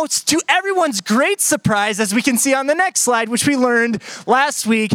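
A man preaching a lively sermon, joking with the crowd and acting out the story in voices. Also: extremely high pitch, dry recording. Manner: playful, animated storytelling with acted-out voices. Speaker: pastor. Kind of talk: sermon with audience skit.

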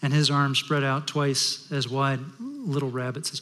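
A middle-aged man preaching a sermon as pastor, telling stories and moving between loud and hushed delivery. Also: mid-range voice, steady tone, normal speed, few pauses. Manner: storytelling, shifting from loud to hushed. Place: large worship hall. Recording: long hall reverb.

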